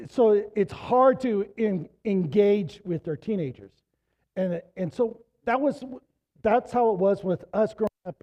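A middle-aged man preaching a sermon with a slightly high voice that is wearing thin. He tells stories casually, then pushes into emphatic exhortation. The recording sounds muffled and lo-fi. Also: warm tone. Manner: conversational storytelling, rising to emphatic exhortation. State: losing his voice. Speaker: pastor.

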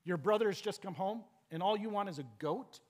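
Emphatic preaching man. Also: a little fast. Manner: rising to emphatic exhortation, dropping low for quiet points. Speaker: pastor. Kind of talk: sermon.

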